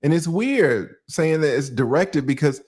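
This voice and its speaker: A man's voice: a little high, expressive, unhurried, a little mellow. A male attorney giving casual legal commentary, telling it like a story with rhetorical questions and slangy asides. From United States.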